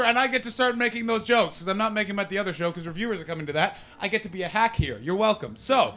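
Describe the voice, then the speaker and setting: An American man doing stand-up with crowd work, brash and profane, switching between muttered asides and loud rants in a comedy club. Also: high voice, lively intonation, fast, hardly any pauses.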